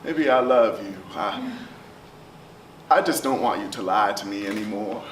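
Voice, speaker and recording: A man's voice: lowish voice, expressive, measured pace. Man, spoken word poet, rhythmic chanting delivery, noisy live recording. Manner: rhythmic, chanting, swings from loud to hushed. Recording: roomy, distant live recording with noise.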